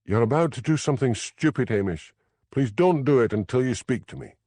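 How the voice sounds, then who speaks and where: A man's voice: on the low side, very animated, normal speed, a little mellow, no room sound, pitched above the performer's own voice. An earnest young woman, urgent and persuasive, as a male narrator voices her. The voice is lifted only slightly above his own, in an audiobook reading. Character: anxious, determined young woman, psychic friend.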